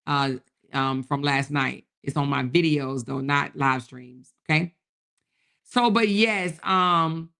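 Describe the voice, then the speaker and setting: A woman hosting a live stream, chatting casually and animatedly with her viewers in slangy, exclamatory talk. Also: lowish voice. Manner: animated, talks straight to her chat with slang and repeated exclamations.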